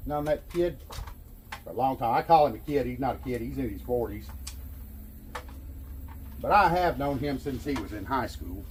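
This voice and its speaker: A man's voice: medium pitch, animated, moderate pace, pauses often, slight background noise. A middle-aged man from Arkansas with a Southern drawl, rambling in a folksy, self-amused way as he vlogs a DIY job. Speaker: vlogger. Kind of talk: casual DIY vlog talk.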